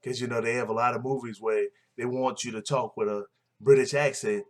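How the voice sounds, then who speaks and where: Casting: man, mid-pitched, opinionated recap vlogger, loose rambling delivery. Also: steady tone, fairly quick. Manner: blunt, opinionated, rambling with fillers. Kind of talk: casual show recap.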